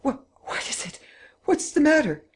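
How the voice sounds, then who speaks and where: A woman's voice: high voice, big pitch swings, normal speed, a little hiss or hum, voice pushed up. A man voicing a robbed wife in a storybook reading, shrieking in frantic hysteria. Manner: screaming, frantic yelling.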